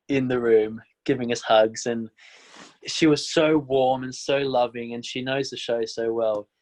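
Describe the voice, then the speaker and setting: A young musical theatre actor from Tasmania, Australia, appears as a guest in a casual interview. His medium-pitched voice is animated, and he laughs often with a quick, bright laugh.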